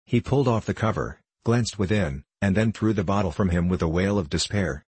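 A man narrates a storybook in a measured, expressive way. His voice is low and husky, and the recording is close and dry. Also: no room sound. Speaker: audiobook narrator.

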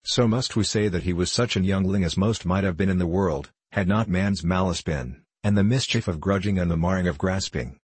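A man narrating an old-fashioned tale aloud in a measured, formal storytelling manner. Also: deep voice, slightly rough, no echo. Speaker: audiobook narrator. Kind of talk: scripted narration of an archaic tale.

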